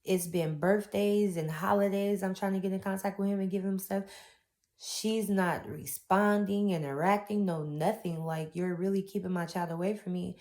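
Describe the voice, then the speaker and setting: A young woman offers an emotional personal testimony, recounting her painful story rawly and sincerely with Southern-style casual grammar. Her medium-pitched voice is steady and a little mellow, at a moderate pace.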